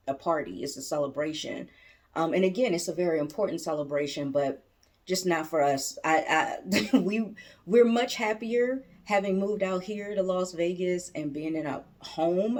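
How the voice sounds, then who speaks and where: This vlogger and business coach is a middle-aged woman from suburban Maryland, near Washington DC, talking casually to her viewers on camera. She speaks in a low voice with a darkish tone. Laughter comes easily, and she tosses in homespun asides.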